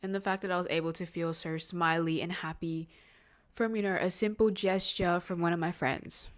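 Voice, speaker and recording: A woman's voice: on the low side, fairly even intonation, moderate pace. A nineteen-year-old woman hosting a solo podcast, talking in a rambling, heartfelt way with lots of fillers and restarts. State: near tears at moments, emotional. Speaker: podcast host. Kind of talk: casual solo podcast monologue.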